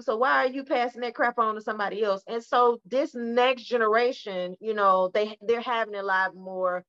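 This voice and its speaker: A woman therapist in her forties speaks in a somewhat high voice and leans on her key points by saying them twice. The audio is a touch dull and lo-fi, as on a home podcast. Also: steady tone, moderate pace, hardly any pauses, fairly bright tone. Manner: emphatic, repeats key points for stress. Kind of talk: casual podcast chat.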